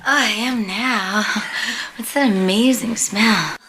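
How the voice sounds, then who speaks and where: A delighted, flirty roommate. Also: female voice, a little high, takes it slowly, a bit bright, a little hiss or hum, poor audio. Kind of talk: TV drama acting.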